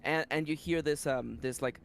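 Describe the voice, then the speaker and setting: A man narrating a tabletop role-playing game as game master, setting scenes in an animated, playful way. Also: a little high, moderate pace, vocal fry, a little hiss or hum.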